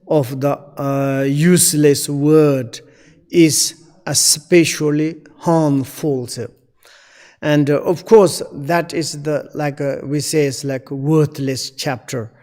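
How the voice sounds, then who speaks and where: A man giving a Buddhist dharma teaching in halting, broken non-native phrasing. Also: fairly high pitch, darkish tone. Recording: long echoey reverb.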